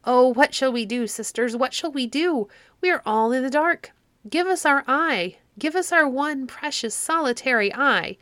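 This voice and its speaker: A woman voicing three frightened old blind sisters, pleading in shrill panic. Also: big pitch swings, unhurried, sharp tone, no echo, studio quality, heavily acted.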